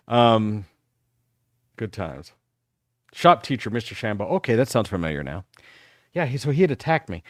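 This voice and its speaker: A middle-aged man hosting a talk show, telling rambling, profane stories about his school days in a casual, animated way. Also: mid-range voice, no echo, clean studio sound. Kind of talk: casual storytelling.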